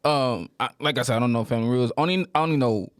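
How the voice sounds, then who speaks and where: A man's voice: mid-range voice, racing, no room sound, clean studio sound. A man co-hosting a podcast in casual chat, joking in a crude, brash way. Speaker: podcast co-host.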